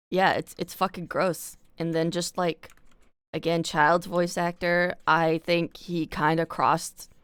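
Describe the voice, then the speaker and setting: A woman's voice: fairly low pitch, clear, resonant tone, no room sound. A young woman from Canada chatting casually on a live stream, rambling with lots of fillers and casual swearing.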